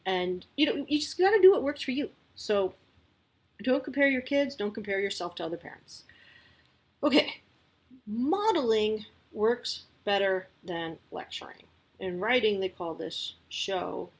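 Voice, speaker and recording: A woman's voice: medium pitch, husky, rough recording. A woman talking casually as a parent sharing advice, candid and chatty with lots of asides.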